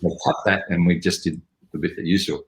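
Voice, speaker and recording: Deep-voiced older Australian man. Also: quick pace, echoey room, low-quality recording. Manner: rambling, animated storytelling with mimicry. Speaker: actor guest. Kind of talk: casual interview anecdotes. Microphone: video call.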